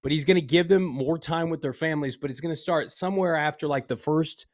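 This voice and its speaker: A man hosting a casual sports podcast, talking with energetic, wry banter from a studio. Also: a little high, fast, no room sound. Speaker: podcast host.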